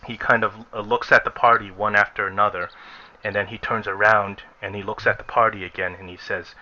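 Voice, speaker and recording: A man as game master, narrating a tabletop game in a descriptive way with frequent pauses. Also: fairly low pitch, flat delivery, bright, forceful tone. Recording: lo-fi recording with faint music.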